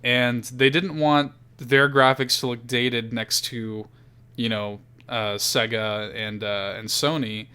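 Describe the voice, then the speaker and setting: A man hosting a casual podcast chat, animated and profane, laughing often. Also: mid-range voice, takes it slowly, clear, resonant tone. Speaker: podcast host.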